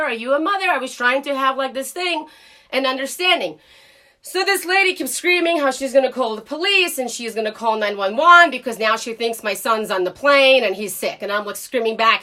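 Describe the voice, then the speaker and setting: High bright-voiced woman telling a story. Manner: animated, emphatic retelling; blunt, swears casually. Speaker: vlogger. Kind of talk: casual storytelling.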